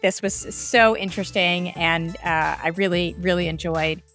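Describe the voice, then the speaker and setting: A woman's voice: lowish voice, steady tone, unhurried, fairly bright tone, soft background music. A woman co-hosting an academic podcast, talking in an enthusiastic, conversational way. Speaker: podcast co-host. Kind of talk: academic discussion.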